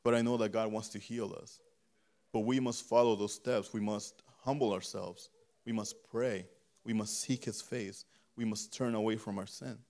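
Male preacher, strained voice, fervent repetitive cadence, slightly low pitch, sermon into prayer. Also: steady tone, moderate pace, darkish tone. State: voice giving out. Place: church.

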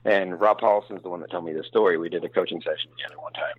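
Fast-talking man, low voice, dry dull sound. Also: breathy edge, no echo. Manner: rambling, frank, self-deprecating, many restarts. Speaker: voice actor guest. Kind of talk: casual interview talk.

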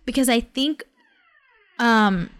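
A woman's voice: fairly high pitch, slow, fairly bright tone. A young woman in casual chat, retelling a book plot and acting out its characters' lines.

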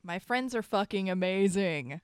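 A woman's voice: medium pitch, expressive, measured pace, clear, resonant tone, no echo, studio quality. A woman co-hosting a podcast in casual chat, easygoing and chatty, laughing easily. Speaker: podcast co-host.

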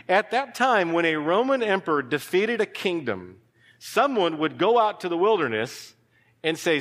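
A male pastor preaching a sermon, animated, with sudden drops to a hushed voice. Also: fairly high pitch. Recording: long hall reverb.

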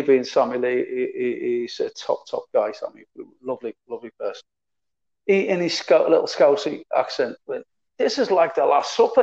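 A former footballer, a man, spins stories in an easy, rambling way, doubling words and letting sentences trail off. His voice sits at an ordinary middle pitch. The audio is slightly muffled and lo-fi. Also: darkish tone. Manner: chatty, repeats words, trails off. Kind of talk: casual anecdotal storytelling.

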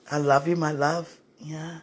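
A woman's voice: deep voice, breathy edge. A woman hosting a podcast from her home, talking intimately to a listener in an affectionate tone, laughing often and calling out to God. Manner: affectionate, laughs often, frequent religious exclamations. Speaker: podcast host and mother. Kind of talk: intimate one-sided podcast chat to a listener.

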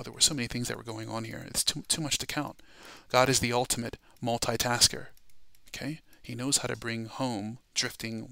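A man teaching a Bible study lesson in a preaching style. He talks emphatically and often checks in with "all right?" and "okay?", moving between quiet asides and loud, stressed words. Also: medium pitch, gravelly.

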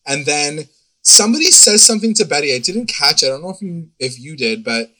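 A young man chatting casually as a co-host, retelling a TV episode in a rambling, animated way, full of fillers and little quoted voices. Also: fairly high pitch, fairly quick, rough recording. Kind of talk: casual chat.

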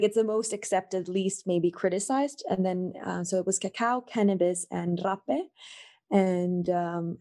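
A woman's voice: lowish voice, mellow. A woman talking in a casual conversation over a call, emotional and rambling with many fillers. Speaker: podcast guest.

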